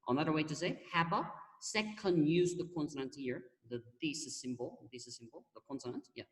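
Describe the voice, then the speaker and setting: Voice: medium pitch, moderate pace. Korean-accented teacher on an echoey call. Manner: patient, repeats words and fills with "mm-hmm". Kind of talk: online class explanation. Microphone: video call. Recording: echoey room heard from far off.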